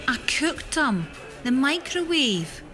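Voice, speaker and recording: A man voicing an indifferent café worker, a woman with a flat, dismissive drawl. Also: very high voice, slow pace, music in the background, pitched above the performer's own voice, full character voice.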